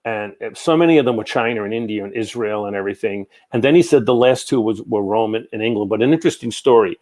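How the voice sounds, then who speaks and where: A man's voice: lowish voice, fast. A man, telling long rambling stories as an interview guest. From New York. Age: 60s. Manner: rambling, animated anecdotes with many asides. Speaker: guest, psychic medium. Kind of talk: casual storytelling in an interview.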